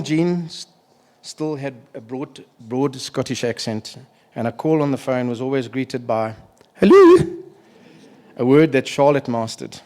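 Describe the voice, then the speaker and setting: Medium-pitched with a darkish tone, a middle-aged man speaks a eulogy for a family member at a memorial. Emotion makes him halting, and he pauses to clear his throat.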